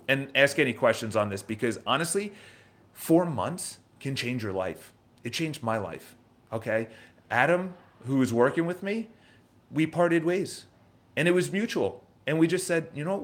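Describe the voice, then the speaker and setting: A man's voice: medium pitch, measured pace. New york dude in his 30s doing a live morning pep talk, chatty, keeps repeating himself. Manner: energetic, conversational, repeats phrases, restarts often. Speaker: host of a live morning show. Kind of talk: casual motivational talk. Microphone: live stream from his office.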